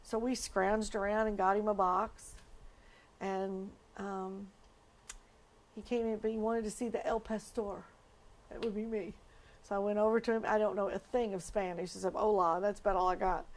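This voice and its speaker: A woman's voice: mid-range voice, little pitch movement, moderate pace. A woman pastor speaking in a documentary interview, earnest and emotional as she tells her story.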